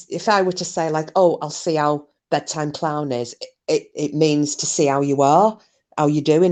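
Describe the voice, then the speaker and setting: Her voice sits low with a darkish tone. As a livestream host on a casual stream, she reads out comments in a chatty, sweary manner and laughs easily.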